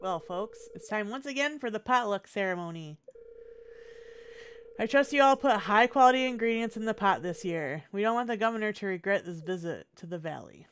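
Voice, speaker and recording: A woman's voice: mid-range voice, expressive, fairly quick, a little hiss or hum, lightly acted. A woman doing a folksy old small-town mayor. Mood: ceremonial.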